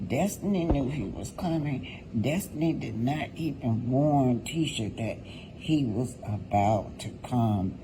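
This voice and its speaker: A man's voice: medium pitch, animated, slow pace, noisy background. A man giving casual vlog commentary on a reality show, talking straight to his viewers and repeating points for emphasis.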